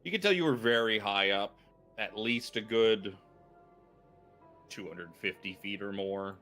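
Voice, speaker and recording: A man narrating scenes as dungeon master in a tabletop game, talking in relaxed, rambling descriptions with fillers. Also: on the low side, a little slow, soft background music.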